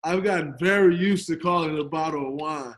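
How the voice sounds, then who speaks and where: Relaxed joking man guesting on a podcast. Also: a little high, a little fast. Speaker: podcast guest, basketball player. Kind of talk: casual podcast chat. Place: home on the West Coast. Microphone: video call.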